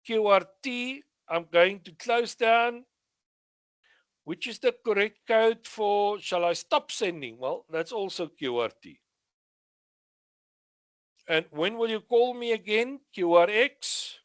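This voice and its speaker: He's a South African man with a high-pitched, somewhat bright voice, lively intonation, and a slow delivery, recorded with no room sound. In this revision lesson he reads radio exam questions and answers each, adding quick asides.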